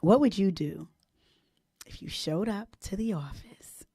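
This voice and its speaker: A woman hosting a radio show, chatting casually with her listeners, animated and laughing often. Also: mid-range voice, a little slow, very noisy. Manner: animated, laughs a lot, sings playful bits.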